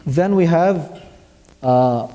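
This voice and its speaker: A man with a fairly high, warm voice speaks extremely slowly in a mosque classroom, the sound spreading through a big room. Giving a tajweed lesson, he patiently explains the articulation points of Arabic letters, quizzes his student, and recites verses to illustrate.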